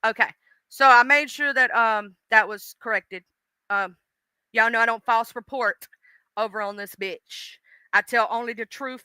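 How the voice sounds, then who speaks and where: A woman's voice: fairly high pitch, fairly even intonation, measured pace, sharp tone, clear, resonant tone, no echo. A woman with a Southern US accent, hosting a casual livestream, talking bluntly with plenty of cussing while telling her viewers she loves them. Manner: blunt and profane, affectionate toward viewers. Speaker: livestream host.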